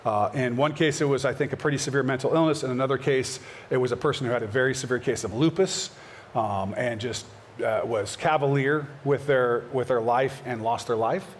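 A man's voice: fairly quick, a little hiss or hum. A man pastor answering questions from his congregation in an earnest, conversational way. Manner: earnest, conversational, acts out short prayers in a higher voice. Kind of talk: church Q&A session.

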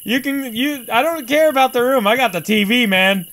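Excitable high-voiced man gaming. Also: normal speed. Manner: excitable, swears a lot, yelps when startled. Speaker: gamer. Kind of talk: let's play commentary.

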